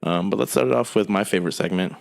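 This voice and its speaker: Gravelly, low-voiced man co-hosting. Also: fast talker. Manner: laid-back banter, running the show's segments. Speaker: podcast co-host; coach. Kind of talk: casual chat.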